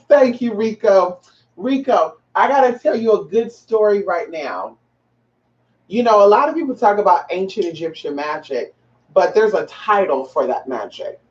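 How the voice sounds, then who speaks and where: A woman's voice: lowish voice, a little mellow. A transgender woman hosting a casual livestream, chatting with viewers in a sassy, profane way and calling them honey and girl. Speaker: livestream host. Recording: roomy, distant, dull lo-fi sound.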